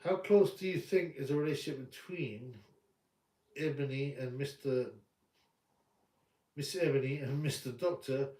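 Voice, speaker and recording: A man's voice: mid-range voice, steady tone, unhurried, long pauses, mellow. Rambling man on a livestream. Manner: blunt, rambling, repeats himself. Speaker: boxing livestream host. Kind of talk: casual live-stream rant. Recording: roomy room, distant mic.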